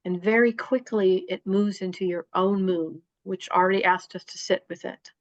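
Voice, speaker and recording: A woman giving a spiritual astrology talk, rambling and halting with many fillers. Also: mid-range voice, steady tone, no room sound. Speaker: astrology reader. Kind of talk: spiritual live-stream talk. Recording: dull dry lo-fi sound.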